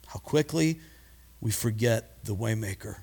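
A man preaching a sermon, animated and acting out voices, often stumbling and repeating words. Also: on the low side, a little slow, slightly rough. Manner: animated, acts out voices in quotes. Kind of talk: expository sermon.

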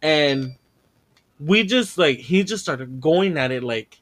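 A man's voice: on the high side, expressive, slow, fairly bright tone. A man hosting a podcast, telling a long story in casual chat, swearing freely and acting out what people said. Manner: profane, laughing, acts out dialogue in the story. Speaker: podcast host.

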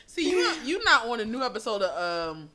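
A woman co-hosting a casual podcast chat, talking in animated, slangy, profane banter. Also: on the high side, normal speed, a loud crowd. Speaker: podcast co-host.

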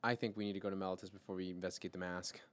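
Man, tabletop player, casual chatty talk, thinks out loud. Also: low-pitched, fairly even intonation, racing. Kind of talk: casual chat at a tabletop game.

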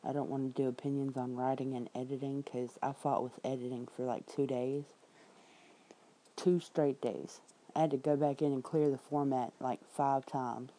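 A woman from Memphis, Tennessee, with a rumbling low, steady, warm Southern voice chats casually with viewers on a livestream, recorded at low quality. She's an independent writer who reads headlines and comments aloud with quick asides, blunt and swearing freely.

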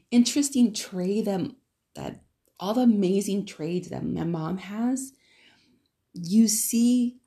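A woman from California talking on her podcast in a loose, loving monologue. Her low voice has a gravelly, husky edge and a mellow, darkish tone. She rambles fondly, full of fillers and restarts. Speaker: podcast host. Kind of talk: casual solo podcast monologue.

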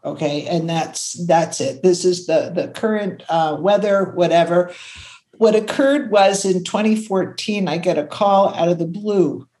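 An older woman from Canada, a creativity consultant, telling stories in an animated, conversational way and acting out the voices she quotes. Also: a little slow. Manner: expressive, acts out quotes, jumps to high pitch when excited.

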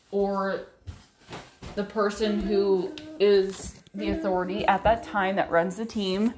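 A woman's voice: mid-range voice, echoey room. A woman telling a personal story in an earnest, emotional way, often stopping and restarting her sentences. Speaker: vlogger.

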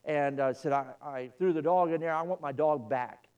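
A man's voice: a little high, normal speed, a little mellow, smooth, far from the mic, muffled recording, close to an everyday voice. A man preacher voicing a belligerent, surly man who demands his dog back. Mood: demanding.

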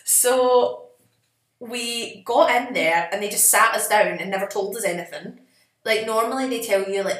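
A young woman co-hosting a casual podcast, telling stories in a sassy, animated, self-mocking manner. Her pitch sits mid-range. The room adds a noticeable echo. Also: normal speed. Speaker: podcast co-host. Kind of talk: casual storytelling chat. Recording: echoey room.

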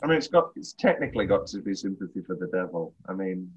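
A man co-hosting a casual film podcast, blunt and sweary, with a husky voice. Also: deep voice, very animated, quick pace, a little mellow, dull audio. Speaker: podcast co-host.

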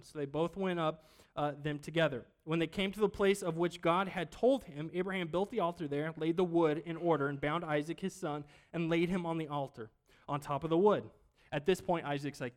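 A man preaching to a congregation in a church, with a fairly high voice. He talks casually and keeps asking the room questions. He jumps from loud, emphatic bursts to quiet asides. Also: fairly even intonation, fairly quick. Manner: conversational, asks the congregation questions. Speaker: pastor. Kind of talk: sermon.

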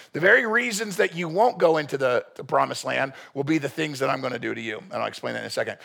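A man delivers a sermon in a gravelly, slightly husky voice. He talks to the congregation in a conversational way, then bursts into loud, emphatic declarations. His pitch sits in the middle range for a man. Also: fast talker, hardly any pauses. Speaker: pastor.

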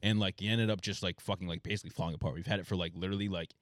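Young male co-host, low voice, rambling and profane, dry close sound. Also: steady tone, rapid-fire, dry recording. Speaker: podcast co-host. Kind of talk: casual chat.

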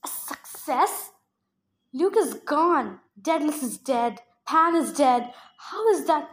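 Woman reader as an angry teen boy; blunt, forceful, deliberate. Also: extremely high pitch, expressive. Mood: shocked.

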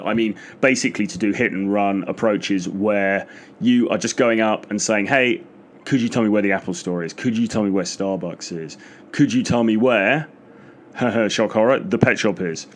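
A middle-aged man giving frank, self-mocking dating advice in a casual monologue, swearing freely. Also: lowish voice.

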